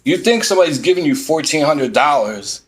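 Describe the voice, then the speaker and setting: A man's voice: a little high, fairly quick. Exasperated man ranting. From Philadelphia. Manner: exasperated, animated storytelling with quoted back-and-forth. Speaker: vlogger. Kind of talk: ranting storytime vlog. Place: inside a parked van.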